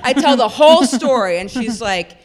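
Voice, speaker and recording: A woman's voice: fairly high pitch, lively intonation, moderate pace, a crowd in the background. A woman comedian telling a funny personal story on a live podcast. She laughs through her punchlines and swears freely. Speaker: guest comedian.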